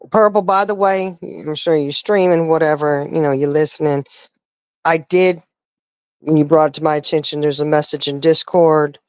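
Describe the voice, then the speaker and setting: Indignant low-voiced woman hosting a stream. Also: dry recording, dull audio. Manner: indignant, ranting, rhetorical questions. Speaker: live stream host. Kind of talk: casual live-stream talk.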